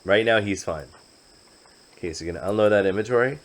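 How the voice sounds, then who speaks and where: A man's voice: lowish voice, fast talker, slight background noise, rough recording. A man narrating and commenting on his own gameplay in a playful, chatty way with jokey asides. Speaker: game commentator.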